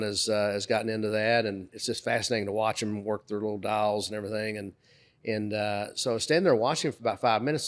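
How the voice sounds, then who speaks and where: A middle-aged man co-hosting a podcast, telling a story in casual conversation and acting out the dialogue. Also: medium pitch. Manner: animated anecdote teller, acts out dialogue. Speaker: podcast co-host.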